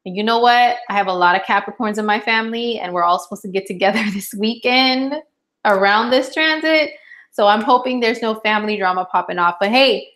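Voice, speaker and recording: A woman astrologer in her thirties giving a casual horoscope chat, chatty and animated, acting out little dialogues and laughing often. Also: medium pitch, a little fast.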